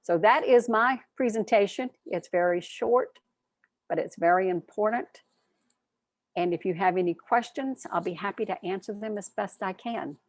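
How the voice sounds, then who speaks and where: A woman's voice: mid-range voice, moderate pace, no room sound. A woman giving a short, earnest program presentation at an online club meeting, speaking in a friendly, plain way over a video call.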